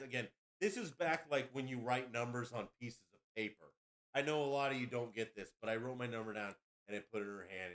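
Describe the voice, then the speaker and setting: Male podcast host, boastful and crude, lively pitch swings. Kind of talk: casual storytelling.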